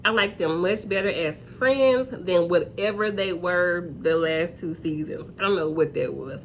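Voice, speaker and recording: Animated woman recapping a reality show. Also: slight background noise. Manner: chatty, animated, acts out quotes in high voices. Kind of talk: casual episode recap.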